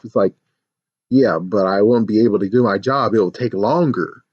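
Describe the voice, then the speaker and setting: A man giving a casual, animated review of a TV episode, jumping into squealing fan voices now and then. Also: fairly low pitch, normal speed, husky, dry recording, muffled recording. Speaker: YouTube show reviewer.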